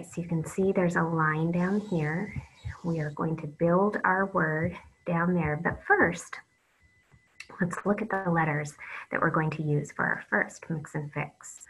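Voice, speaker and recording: A woman reading teacher giving an online phonics lesson, slow and patient, drawing out letter sounds with soft whispered asides. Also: lowish voice, slightly rough, low-quality recording.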